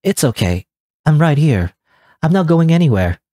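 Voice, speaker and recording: A man voicing a gentle, protective teenage schoolgirl in a game, speaking softly and reassuringly. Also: a little high, sing-song, normal speed, dry recording, studio quality, voice pushed up. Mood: soothing. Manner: soft, reassuring, turns stern.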